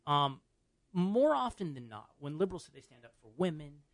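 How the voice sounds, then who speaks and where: A man's voice: a little high, sing-song, moderate pace, no room sound. A man hosting a talk radio show, arguing his points with restarts and easy laughter. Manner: argumentative, laughs easily, restarts. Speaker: radio host. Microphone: studio microphone.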